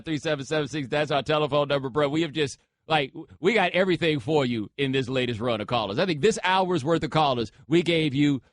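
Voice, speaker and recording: A man's voice: a little high, fairly bright tone, no room sound. A man hosting a sports talk radio show from a studio, taking callers in a loose, joking way with slangy asides. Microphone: studio microphone.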